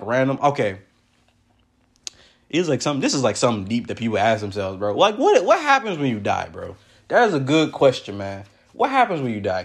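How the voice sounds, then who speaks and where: A man's voice: medium pitch, husky. A young man hosting a casual solo podcast, rambling in loose slang and laughing often. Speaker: podcast host.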